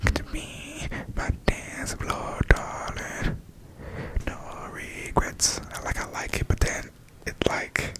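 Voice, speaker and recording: A man softly speaking and whispering in a chatty ASMR review, full of fillers, close to the mic. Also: a bass voice, rough recording. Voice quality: whispery, breathy.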